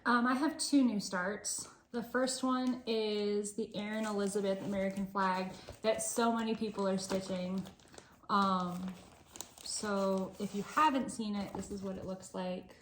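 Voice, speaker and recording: A woman's voice: mid-range voice, fairly even intonation, a little slow. Woman chatting about her stitching projects, easygoing, echoey room with a little background hiss. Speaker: flosstube co-host. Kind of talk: casual stitching chat. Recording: roomy echo, faint background noise.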